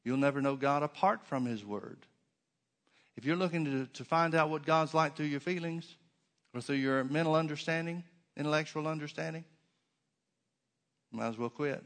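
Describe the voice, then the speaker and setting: A man's voice: on the high side, normal speed, pauses often. A man preaching a sermon to his congregation in a church, emphatic, with many rhetorical questions and repeated phrases. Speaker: pastor.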